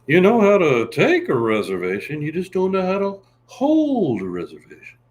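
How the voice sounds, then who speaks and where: A man's voice: high-pitched, huge pitch swings, normal speed, darkish tone, voice pushed up. A man imitating a famous comedian with a whiny, rising sitcom delivery. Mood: exasperated.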